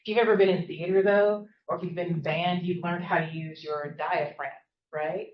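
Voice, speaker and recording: This Southern-accented woman professor has a lowish, steady voice, captured on reverberant, lo-fi audio. She runs an interactive classroom workshop at a quick clip, chatting away and frequently asking "right?"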